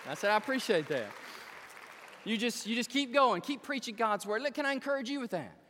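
High, animated male preacher in a hall. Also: fast talker, a crowd in the background, background noise. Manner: storytelling, self-deprecating humor, stammered restarts. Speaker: pastor. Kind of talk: sermon. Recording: long reverb of a large hall.

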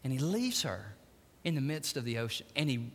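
A middle-aged man preaching a sermon in a church, telling stories dramatically and swinging between hushed and loud delivery. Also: medium pitch, sing-song, normal speed, slightly rough. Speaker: pastor. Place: church sanctuary. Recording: long church-hall reverb.

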